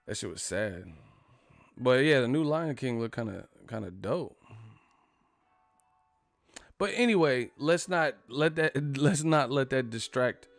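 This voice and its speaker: A man's voice: mid-range voice, vocal fry. A man hosting a casual live stream, rambling and swearing freely and laughing often.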